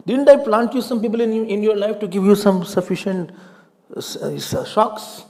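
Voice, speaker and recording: A man's voice: high-pitched, normal speed, darkish tone. An Indian man giving a spiritual sermon, pressing his listeners with rhetorical questions, slipping into Hindi and often laughing. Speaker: spiritual teacher.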